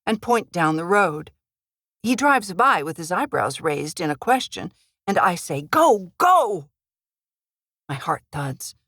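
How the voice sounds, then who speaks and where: A woman, the author, reading her thriller in first person with a measured, dramatic delivery. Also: fairly low pitch, a bit bright, no echo, studio quality. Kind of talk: first-person audiobook narration.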